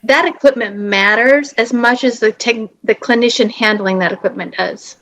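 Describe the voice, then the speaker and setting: A woman's voice: fairly high pitch, moderate pace, a bit bright, low-quality recording. A woman hosting a podcast interview, effusive and emotional as she praises her guests. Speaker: podcast host.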